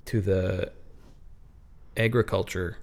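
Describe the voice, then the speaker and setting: Man, podcast co-host, improvised story, rambling, dry humor, low gravelly voice. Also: level tone, takes it slowly, a little mellow.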